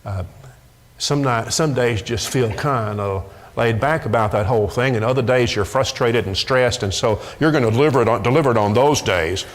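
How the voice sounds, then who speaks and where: Preaching at normal speed in a medium-pitched voice, a middle-aged man gives a forceful sermon in a church sanctuary, often repeating words for emphasis. The sound echoes as in a church hall.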